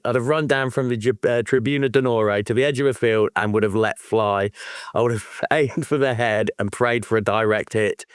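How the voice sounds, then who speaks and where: Male co-host, lively storyteller who laughs a lot, mid pitch, dry sound. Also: clear, resonant tone, no echo. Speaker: podcast co-host. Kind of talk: casual chat.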